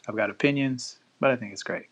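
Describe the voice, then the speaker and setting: A male podcast host on a live stream, talking in a loose, casual way. He reads news stories aloud and drops profane asides along the way. His voice sits at an ordinary middle pitch for a man. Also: fairly quick, highs cut off.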